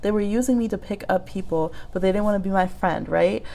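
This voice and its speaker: A woman hosts a live reading stream from her phone, talking in a loose, chatty way. Her voice sits in a middle range, and she laughs often. When she gets into a story her pitch shoots up high. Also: fairly quick, creaky, dark tone. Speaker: tarot reader hosting a live stream. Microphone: phone app live stream.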